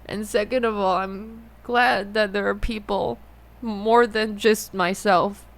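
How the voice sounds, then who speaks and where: A young adult woman talking through her feelings in a personal monologue, halting and often rephrasing herself. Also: mid-range voice, fairly even intonation. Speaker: musician and host.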